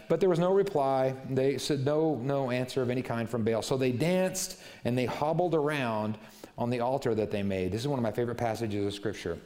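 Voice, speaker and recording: A middle-aged man preaching a sermon, retelling scripture in casual, animated storytelling. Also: mid-range voice. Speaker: pastor.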